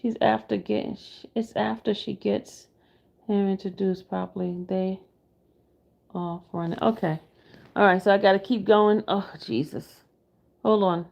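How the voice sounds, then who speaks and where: A woman's voice: mid-range voice, fairly even intonation, measured pace, gravelly, darkish tone, dull audio. A woman reacting to a livestream, exasperated, talking to her viewers while she searches for the clip. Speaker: commentary streamer.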